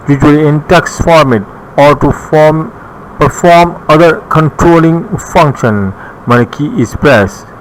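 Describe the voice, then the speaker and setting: A man's voice: fairly high pitch, poor audio. Bangladeshi-accented male computer teacher. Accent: Bangladeshi English. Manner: reads notes slowly with pauses, occasional restarts. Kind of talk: recorded classroom lecture. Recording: faint background noise.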